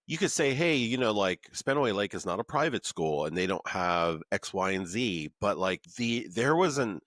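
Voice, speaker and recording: A man's voice: low-pitched, lively intonation, normal speed, fairly bright tone, dry recording. A man hosting a podcast over a remote recording, chatting enthusiastically and often saying "like" and "man". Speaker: podcast host. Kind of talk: casual interview chat.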